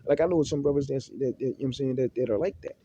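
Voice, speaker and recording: A man's voice: medium pitch, very fast, mellow, breathy edge, dry recording, dull audio. A man speaking off the cuff about religion, stumbling through many restarts and repeated words and mixing in Arabic terms. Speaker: Muslim speaker giving religious advice. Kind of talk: unscripted religious monologue.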